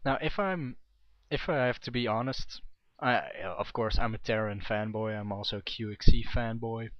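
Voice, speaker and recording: A man's voice: medium pitch, moderate pace, no echo. A young man casting a video game match in a chatty, rambling way, often correcting himself. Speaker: game commentator. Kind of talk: amateur esports commentary. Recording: dull, dry home mic.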